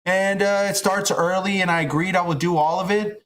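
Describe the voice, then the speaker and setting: A man's voice: high-pitched, steady tone, fairly quick, fairly bright tone. A middle-aged man streaming, ranting casually and profanely about job rejections. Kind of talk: casual rant while streaming.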